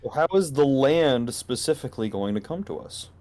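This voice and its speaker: Lively, analytical podcast co-host. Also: medium pitch, moderate pace. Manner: analytical, points out details, jokey. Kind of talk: casual podcast chat about a manga chapter.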